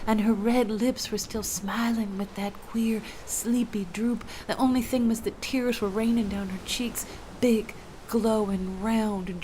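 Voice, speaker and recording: A woman's voice: on the high side, a little mellow, slight background noise. A woman telling a first-person story aloud, emotional, dropping to whispers at tense moments.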